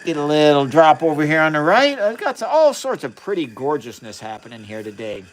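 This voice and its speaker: A man's voice: a little high, very animated, a little fast. A man on a live science stream, chatting casually as he runs experiments in a chemistry lab and greets viewers by name.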